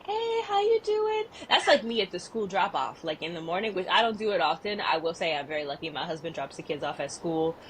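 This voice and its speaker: Animated woman chatting on a podcast. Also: deep voice, fast, hardly any pauses, a little hiss or hum. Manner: animated, expressive storyteller who laughs often. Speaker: podcast co-host. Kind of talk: casual chat.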